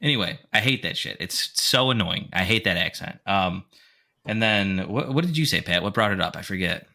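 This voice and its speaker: A man's voice: sits low, animated, moderate pace, pushed and bright. An American man hosting a casual podcast chat, blunt and opinionated with plenty of swearing.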